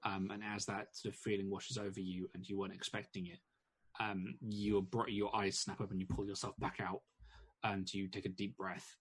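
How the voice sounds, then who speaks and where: A man's voice: deep voice, flat delivery, moderate pace, breathy edge. A man narrating as game master in a tabletop game, rambling with many restarts and fillers.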